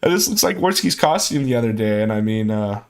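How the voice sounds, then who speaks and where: Man, streamer, sarcastic, incredulous, casual reaction commentary, mid-pitched voice. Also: animated, a little fast, vocal fry.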